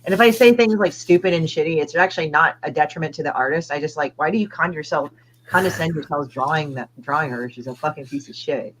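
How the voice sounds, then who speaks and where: A woman's voice: sits low, fast talker, fairly bright tone, a little hiss or hum, poor audio. A woman comic artist as an interview guest, chatting casually and crudely with lots of fillers. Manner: rambling, crude, hesitant fillers.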